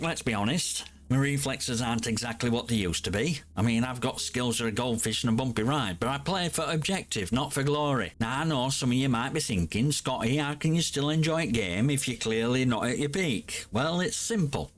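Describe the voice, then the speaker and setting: A man's voice: medium pitch, slight background noise. A middle-aged man from Yorkshire with a broad Yorkshire accent, talking in a grumpy, sarcastic, blunt way in a scripted gaming vlog. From Yorkshire, England. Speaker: gaming YouTuber.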